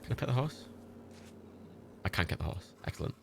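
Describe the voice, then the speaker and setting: A man's voice: medium pitch, sing-song, brisk, gravelly, fairly bright tone, slight background noise. A young man with an English accent giving rambling, sweary let's-play commentary on a livestream and laughing often.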